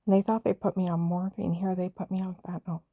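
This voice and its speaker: A woman's voice: on the low side, flat delivery, quick pace, dark tone, no room sound. A middle-aged woman recounting a painful family story in a rambling, emotional way, with many fillers and restarts. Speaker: mother telling her story. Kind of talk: casual personal storytelling.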